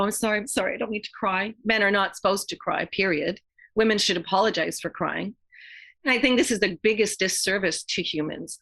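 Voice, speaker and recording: A middle-aged woman, a yoga therapist talking as a podcast guest in an earnest, heartfelt way, often pausing and restarting her sentences. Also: medium pitch, a bit bright. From Quebec, Canada. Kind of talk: reflective podcast interview talk.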